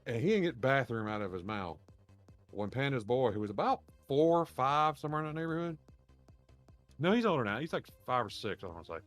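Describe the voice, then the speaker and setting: A man's voice: medium pitch, very animated, brisk, dry recording. A man with a drawl tells a long, meandering story on a podcast. He swears freely, restarts his sentences and laughs at his own tale. Faint music sits in the background. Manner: rambling, profane, laughs while telling stories. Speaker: podcast co-host. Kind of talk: casual storytelling chat.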